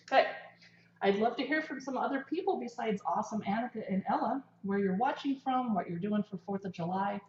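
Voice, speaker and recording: Chatting away while she cooks and eats, this woman hosts a relaxed livestream from her own kitchen. Her mid-range voice is a little fast and a little mellow, and the room comes across echoey with a slightly dull tone.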